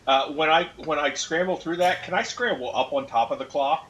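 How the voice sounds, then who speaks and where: A man playing a tabletop game, excitable and animated as he talks. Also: fairly high pitch, a little fast, muffled recording. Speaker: player. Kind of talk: casual tabletop play.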